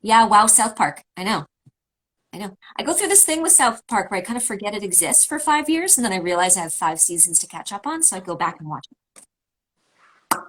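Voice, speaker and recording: A woman's voice: medium pitch, big pitch swings, moderate pace, fairly bright tone, rough recording. A woman from Canada chatting casually on a livestream, joining over a video call and rambling a little with fillers. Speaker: voice actor signing autographs on a livestream. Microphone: remote video call.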